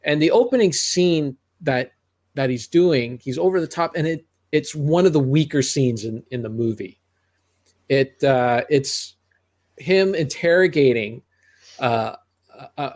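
A middle-aged man with a mid-range, slightly mellow voice co-hosts a podcast about movies. His casual review chat rambles, with frequent restarts and asides.

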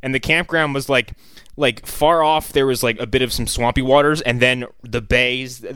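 A man's voice: mid-range voice, steady tone, normal speed, bright, forceful tone, smooth, dry recording. A man in a mid-range voice rambles through jokes and stories, restarting his sentences. He is from the US East Coast. The sound is dry and close. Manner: rambling, jokey, restarts often. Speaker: podcast co-host. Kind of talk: casual movie-riffing chat.

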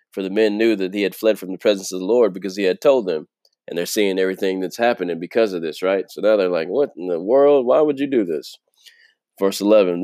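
A man's voice: deep voice, darkish tone, dry recording, clean studio sound. A man giving a casual Bible teaching, reading verses and explaining them in a conversational way, often laughing and checking in with "right?". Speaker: preacher.

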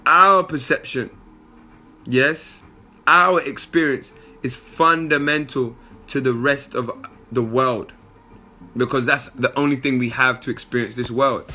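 A young man gives a casual motivational monologue, slangy and animated, full of asides. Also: medium pitch, a little slow.

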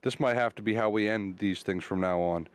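A man's voice: on the low side, clean tone, dry recording. A man co-hosting a casual podcast, telling long jokes with loose, rambling delivery. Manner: drawn-out joke telling with character voices. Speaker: podcast co-host.

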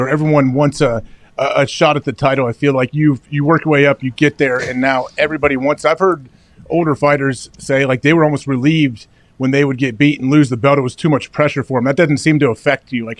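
A man's voice: mid-range voice, fairly even intonation, quick pace, dry recording. A man co-hosting a sports talk show, laid-back, mostly short comments before asking a longer question. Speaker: co-host. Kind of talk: casual sports chat.

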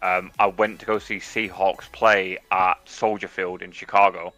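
English man telling animated stories. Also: sits low, measured pace, no echo. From England. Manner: animated storytelling, heavy swearing. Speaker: podcast co-host. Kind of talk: casual podcast chat. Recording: dull, dry lo-fi mic with faint music.

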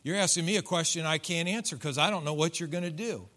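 A man's voice: a little high, fast talker, sharp tone. A middle-aged man preaching a sermon in a church, folksy and joking, acting out voices from his congregation. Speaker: pastor. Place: church sanctuary.

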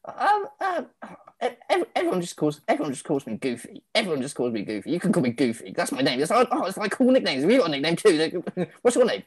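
A man's voice: huge pitch swings, quick pace, husky, exaggerated voice. A man voicing an anxious young male chihuahua schoolkid, who stammers and rambles. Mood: nervous chatter. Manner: stammering, rambling, high and squeaky.

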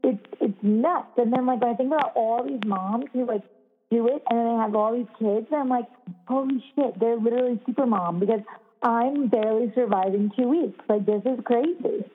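A woman's voice: fairly high pitch, moderate pace, a little hiss or hum. A young woman and new mother chatting casually, rambling and swearing freely, with lots of "like". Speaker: podcast co-host, new mother. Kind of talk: casual chat. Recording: phone-like narrow sound.

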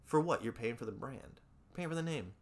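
A man's voice: medium pitch, animated, brisk. A young man co-hosting a casual podcast, blunt and openly judgmental, swearing freely as he talks. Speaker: podcast co-host. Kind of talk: casual chat.

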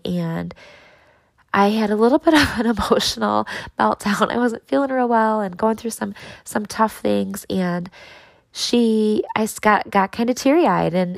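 A woman's voice: mid-range voice, vocal fry, no echo, low-quality recording. A woman in her thirties hosting a podcast, talking earnestly and encouragingly straight to her listeners. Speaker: podcast host. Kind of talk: motivational podcast talk.

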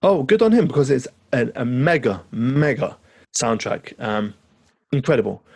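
Aussie guy gushing about stuff on a podcast, gravelly voice, dry close mic. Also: mid-range voice, expressive, moderate pace, darkish tone, dry recording. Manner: enthusiastic, rambling, swears casually. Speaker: podcast co-host. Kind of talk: casual chat.

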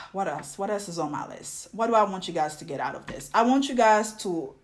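A woman's voice: medium pitch, lively intonation, a little fast. Host, young woman, Ivorian French accent, exasperated rant, casual talk with fillers. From Côte d'Ivoire. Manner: exasperated, ranting with frequent fillers and restarts. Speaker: podcast host. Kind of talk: casual monologue to listeners.

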